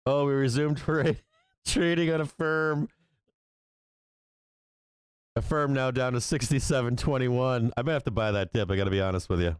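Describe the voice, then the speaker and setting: Male market-stream host, swears freely, laughs in disbelief; smooth voice, dry close mic. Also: medium pitch, moderate pace, long pauses, no room sound. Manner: profane, incredulous, laughing often. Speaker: stock market livestream host. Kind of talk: live market commentary.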